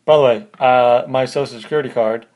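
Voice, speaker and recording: A man's voice: medium pitch, steady tone, a little fast, lo-fi sound. A man hosting a podcast, telling a personal story in a casual, conversational way, step by step. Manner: conversational, recounts events step by step. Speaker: podcast host.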